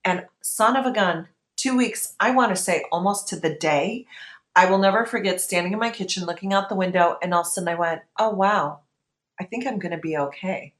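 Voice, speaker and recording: A woman's voice: medium pitch, fairly quick, reverberant. A woman in her thirties telling her own story in an interview, candid and emotional, often acting out what she thought at the time. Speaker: guest.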